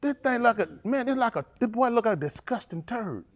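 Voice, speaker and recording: Animated preacher man with a high, swooping voice. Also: fairly quick. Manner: animated, confrontational preaching with congregation call-outs. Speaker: pastor. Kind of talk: sermon.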